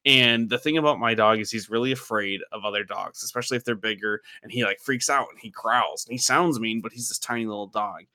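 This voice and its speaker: A man's voice: lowish voice, brisk, few pauses, bright, forceful tone, no room sound, clean studio sound. A man, a father, chatting casually and telling a long personal story, candid and swearing freely. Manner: candid, profane, rambling storytelling. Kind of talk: casual chat.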